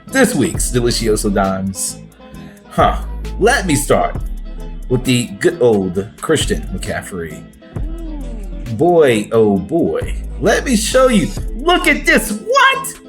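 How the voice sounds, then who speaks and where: A man's voice: mid-range voice, slow, faint music behind. A man talking as a guest on a sports podcast, in playful, exclamatory banter. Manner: animated and exclamatory, playful swoops.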